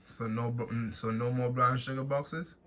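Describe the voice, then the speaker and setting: A man's voice: mid-range voice, steady tone, moderate pace, bright, forceful tone. A man playing a card game with his daughter at home, teasing her and asking playful questions in casual family chat. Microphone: camera on a stand.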